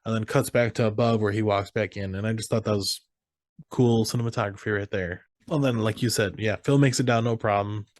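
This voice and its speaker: A man's voice: lowish voice, steady tone, a little fast, dry recording, clean studio sound. A man co-hosting a podcast, casually retelling movie scenes and quoting the characters' lines. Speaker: podcast co-host. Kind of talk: casual movie recap chat.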